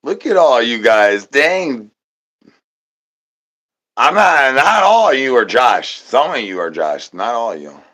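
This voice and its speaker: A man riffs to his stream chat in a goofy, rambling voice full of rhyming nonsense and singsong repeats. He lurches from low, murmured asides to sudden loud shouts, never settling into one pitch. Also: sing-song, slow, pauses often. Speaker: livestream host. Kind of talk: rambling comedic stream chatter.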